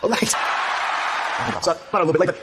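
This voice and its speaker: A man's voice: fast talker, heavy background noise. A man talking boastfully in a wrestling promo.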